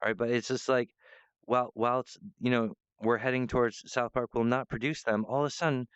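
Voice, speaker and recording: A man's voice: medium pitch, steady tone, a little fast, clear, resonant tone, no room sound, muffled recording. A man rambling in a monologue to camera, meandering, restarting often and breaking off to apologize. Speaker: vlogger.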